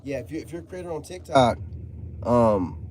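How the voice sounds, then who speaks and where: A man's voice: medium pitch, sing-song, normal speed, a little mellow, slight background noise. A man, hosting a casual live stream, joking and reading chat aloud. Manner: joking, laid-back, reads chat aloud. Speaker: channel host talking to live chat.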